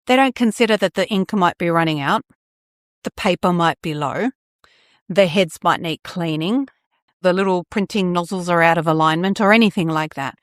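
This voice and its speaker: A woman hosting a solo podcast, chatty and animated, acting out little scenes as she talks. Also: on the low side, no echo, studio quality. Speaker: astrologer podcast host.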